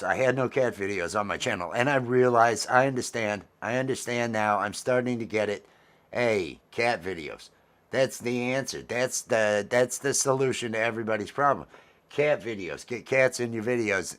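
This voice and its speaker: A man's voice: mid-range voice, a bit bright. A man hosting a casual livestream vlog, rambling cheerfully and repeating his phrases as he chats with viewers. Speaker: vlog host.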